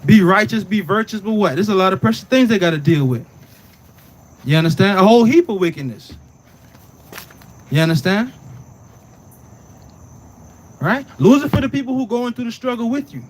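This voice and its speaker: A man's voice: high-pitched, expressive, normal speed, pauses often, slight background noise. A man teaching scripture in a casual preaching way, often asking "right?" and "you understand?" and telling the reader to read on. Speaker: Bible teacher.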